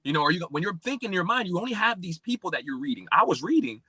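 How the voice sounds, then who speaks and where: A man from Pennsylvania, a podcast guest telling his life story and acting out remembered dialogue with big swings in pitch. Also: very animated, very fast, pushed and bright, slightly rough, dry recording. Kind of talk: personal storytelling in an interview.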